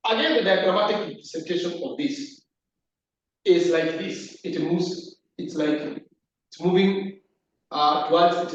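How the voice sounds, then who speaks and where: A man's voice: fairly high pitch, slight background noise. A man teaching a maths class at the board, repeating key terms and asking the class questions. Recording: echoey room, distant lo-fi mic.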